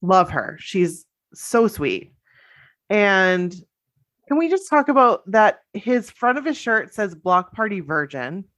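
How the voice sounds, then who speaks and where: Gushy chatty lady podcast cohost, mid pitch, just chatting. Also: sing-song, takes it slowly, a bit bright. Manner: bubbly, gushing, chatty. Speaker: podcast co-host. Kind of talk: casual chat, reading listener stories.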